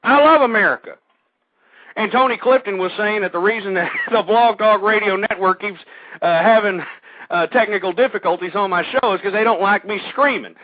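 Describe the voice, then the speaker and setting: A man hosting an internet talk radio show, speaking in a rambling monologue that stumbles over repeated words and turns loud and heated. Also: high voice, fairly quick. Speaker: radio host. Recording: tinny phone-line sound, dry.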